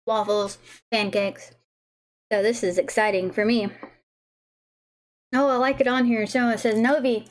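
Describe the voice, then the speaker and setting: A woman's voice: fairly high pitch, slight background noise. A woman hosting a casual livestream, bubbly and giggly, who stumbles over words as she reads aloud. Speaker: livestream host tasting snacks.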